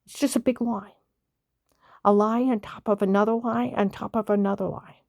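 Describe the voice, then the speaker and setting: Woman vlogger, indignant rant, gravelly dark voice, dry close sound. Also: medium pitch, fairly even intonation, normal speed, no room sound. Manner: indignant, emphatic ranting; stutters when upset. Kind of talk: angry personal monologue.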